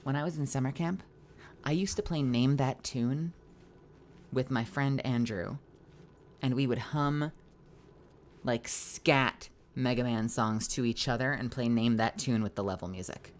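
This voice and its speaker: A woman's voice: rumbling low, unhurried, slight background noise. A woman streamer and voice actor chatting casually and playfully with her viewers while sleepy and yawning. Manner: playful and animated, greets viewers. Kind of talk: casual live-stream chat.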